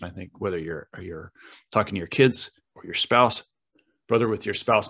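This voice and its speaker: A middle-aged man hosts a podcast in a reflective, conversational way. He pauses and restarts as he searches for words, and his voice sits fairly low. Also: creaky, a bit bright. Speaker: podcast host.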